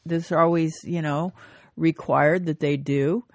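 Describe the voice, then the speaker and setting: A woman's voice: sits low, steady tone, slow, no room sound. A woman, a nurse, co-hosting a radio health talk show and steering the talk with questions.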